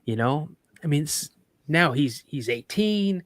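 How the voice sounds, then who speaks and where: A man guest on a podcast, casually telling a story in an animated way, acting out quoted dialogue and often restarting his sentences. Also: fairly high pitch, measured pace, no room sound.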